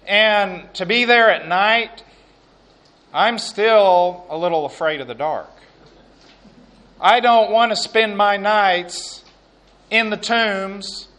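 Slow, bright-voiced male preacher. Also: high-pitched. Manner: slow, emphatic preaching, dropping to quiet asides. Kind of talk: sermon with scripture reading.

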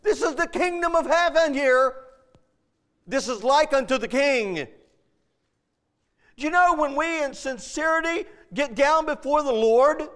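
A man's voice: extremely high pitch, a bit bright, big-room sound. A male preacher delivering a sermon, emphatic and full of rhetorical questions, speaking in folksy plain grammar and repeating phrases.

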